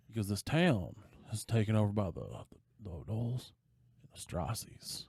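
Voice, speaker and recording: A man with a low, mellow voice retells a movie plot on a podcast in casual chat. He is animated, slipping into the characters' lines as he goes. The sound is dry and close to the mic. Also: moderate pace, gravelly, slightly rough, no room sound. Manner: animated storyteller, acting out quoted lines. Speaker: podcast co-host.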